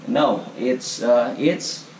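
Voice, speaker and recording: Slow man teaching grammar, echoey room. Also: mid-range voice, vocal fry, darkish tone. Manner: slow, repetitive, ends nearly every phrase with "okay?"; asks the class questions and answers them himself. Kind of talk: classroom grammar lesson. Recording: echoey room, voice from far off, faint background noise.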